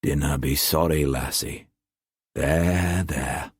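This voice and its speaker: A man voicing a strong middle-aged merchant with a Scottish accent, speaking low, slow and deliberate. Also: lively intonation, no echo, full character voice. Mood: tender.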